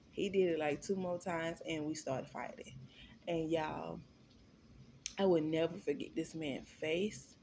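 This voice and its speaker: A young woman with a low, gravelly voice talks straight to her viewers in a casual storytime vlog. She is candid and profane and keeps calling them y'all, with a faint hiss behind her. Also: a little mellow. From Florida.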